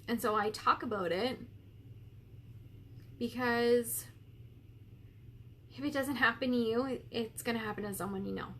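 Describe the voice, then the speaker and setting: A woman's voice: fairly high pitch, a little slow, long pauses, fairly bright tone, slight background noise. A woman in her thirties hosting a live coaching stream, tearful and candid, swearing freely as she reads viewers' comments. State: tearful, crying while talking.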